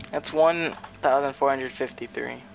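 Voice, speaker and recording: Slow-talking young man streaming a game. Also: mid-range voice, creaky, highs cut off. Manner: exasperated, pleading with chat to stop spamming. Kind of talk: casual gaming stream chat. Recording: faint background noise.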